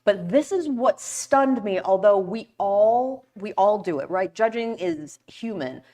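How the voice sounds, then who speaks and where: A middle-aged woman co-hosting a casual talk show, animated and quick to jump in. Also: medium pitch. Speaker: co-host.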